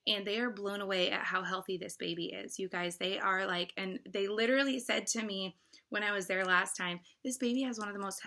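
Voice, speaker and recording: A woman's voice: mid-range voice, fairly even intonation, normal speed, creaky, sharp tone. A woman in her thirties talking to her viewers in a casual vlog, effusive and emotional, with lots of fillers and restarts. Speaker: vlogger.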